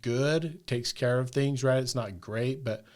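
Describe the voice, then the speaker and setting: A man's voice: mid-range voice, measured pace. A man chatting casually as a podcast guest, telling a long personal story and peppering it with "like" and "right?". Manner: rambling, peppers talk with "like" and "right?".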